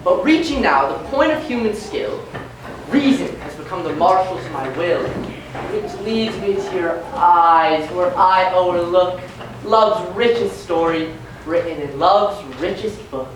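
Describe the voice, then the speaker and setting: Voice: medium pitch, animated, unhurried, natural voice. An actor playing a passionate young nobleman in love on stage, with declaiming delivery. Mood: ardent. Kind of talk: live stage acting. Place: theater stage. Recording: echoey theater from far off, background noise.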